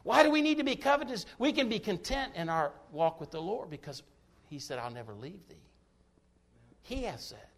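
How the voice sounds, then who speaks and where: A man's voice: high-pitched, sing-song, moderate pace. A man delivers a sermon. He preaches in an emphatic, folksy way, breaking into jokes between quoted verses. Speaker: pastor.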